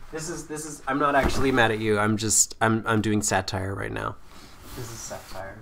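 A woman streaming a game with casual commentary, excitable and swearing, breaking into mock-angry yelling. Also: extremely low pitch, brisk, slight background noise. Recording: roomy with faint background music.

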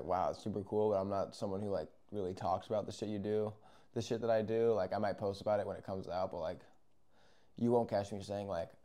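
A young man telling a casual, rambling story, acting out moments with yells and whispers. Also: on the low side. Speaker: vlogger.

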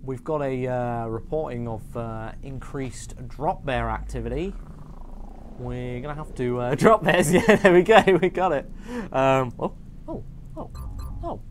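An English man hosting a gameplay livestream, chatty and excitable, joking with his chat. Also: mid-range voice, unhurried, a little hiss or hum. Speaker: livestream host.

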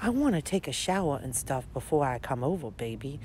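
A woman reading out the text messages of a greasy grown man who sweet-talks his girlfriend, in a low, soft voice. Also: sing-song, a little fast, a little hiss or hum. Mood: sweet-talking.

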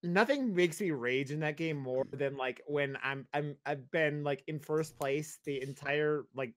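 A man's voice: on the high side, a little slow, no echo. A young married man co-hosting a podcast, chatting casually with exasperated jokes. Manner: exasperated, joking complaints. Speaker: podcast co-host. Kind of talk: casual chat.

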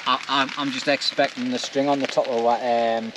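With a medium-pitched, flat voice at normal speed, a middle-aged vlogger chats jokily to his handheld camera while wild camping outdoors, dropping dialect slang. Loud rain fills the noisy outdoor camera recording.

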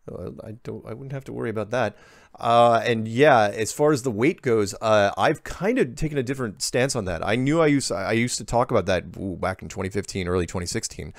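A man hosting a show, reading viewer emails aloud and answering them in a halting way, often restarting his sentences. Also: on the low side, vocal fry, no echo, studio quality. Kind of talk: casual reading and commentary.

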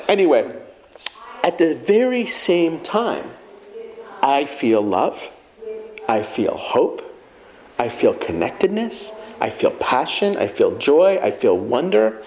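A man's voice: on the high side, unhurried, rough recording. A man in conversation, speaking reflectively about feelings and telling personal stories. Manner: reflective, storytelling, animated quoting of himself. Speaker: guest speaker. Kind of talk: conversational talk.

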